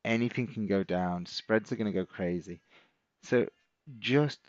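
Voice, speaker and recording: A man's voice: fairly low pitch, fairly even intonation, a little slow, no room sound, highs cut off. A middle-aged man, hosting a live stream as a trading coach, chatting casually and encouraging viewers as he reads out their comments.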